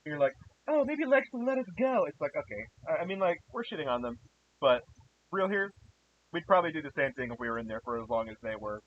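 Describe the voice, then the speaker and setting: A young man co-hosting a casual movie review chat, excitable and quick to laugh. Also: mid-range voice. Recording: dull hissy recording.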